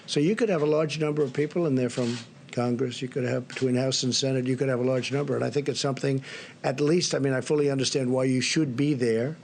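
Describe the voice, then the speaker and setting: A man's voice: medium pitch, steady tone, fast, creaky, darkish tone, slight background noise. An older man giving remarks at a press briefing, rambling and repetitive, piling on superlatives. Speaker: briefing speaker at press podium.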